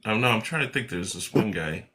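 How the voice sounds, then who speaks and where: A man, an author and musician, guesting on an interview show and telling rambling, animated anecdotes full of restarts and the odd swear. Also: on the low side, fast talker, crowd noise. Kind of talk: casual storytelling in an interview.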